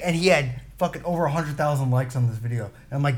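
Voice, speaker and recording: A man's voice: fairly high pitch, quick pace, few pauses. A man in casual chat, joking crudely and laughing often.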